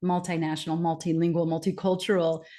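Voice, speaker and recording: Appearing as a podcast interview guest, a middle-aged woman gives long, animated explanations and performs quoted remarks. Her voice is on the low side, and she talks a little fast.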